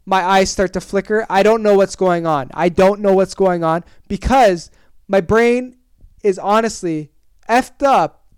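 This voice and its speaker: A young adult podcast host on a comic solo rant, exaggerating every complaint and swearing freely. The voice is smooth and resonant at a middling pitch. The sound is dry and close, with no room around it. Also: measured pace, dry recording. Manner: exaggerated, animated ranting with swearing.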